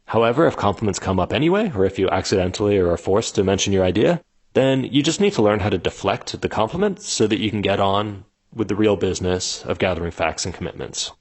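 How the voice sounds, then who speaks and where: A man's voice: low voice, husky. A man casually teaching how to run customer conversations, full of conversational fillers, and slipping into the voices of the people he describes. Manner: conversational, many fillers, animated when quoting people. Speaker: instructor explaining customer interviews. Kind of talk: casual spoken lesson, acting out example dialogues.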